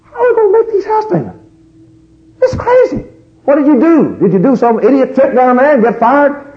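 A preacher voicing a panicked wife who scolds her husband with rapid, accusing questions. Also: extremely high pitch, wildly swooping pitch, lo-fi sound, voice pushed up, full character voice. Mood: frantic scolding.

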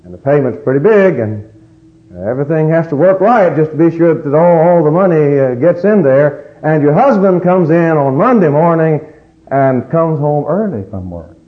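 A middle-aged man preaching a sermon, an animated storyteller who swings from loud outbursts to hushed asides. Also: a little high, moderate pace, dull audio. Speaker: pastor.

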